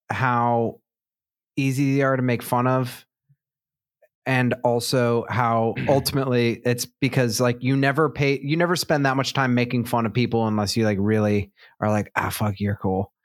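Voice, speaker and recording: A man's voice: mid-range voice, no room sound, studio quality. A man co-hosting a podcast in casual chat, rambling with jokey asides and frequent laughs. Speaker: podcast co-host.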